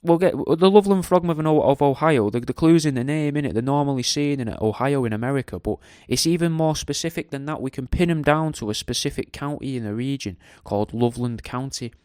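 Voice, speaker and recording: A man's voice: medium pitch, fairly quick, few pauses, a little mellow, clear, resonant tone, dry recording. Male podcast host, rambling and jokey, resonant voice, close dry sound. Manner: rambling, jokey, sweary, slangy. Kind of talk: casual monologue.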